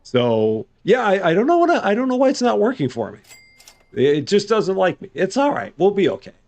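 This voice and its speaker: Brief: male game streamer, relaxed live commentary, very lively pitch swings. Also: a little fast, creaky. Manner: chatty, thinking aloud, good-humored. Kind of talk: casual live gameplay commentary.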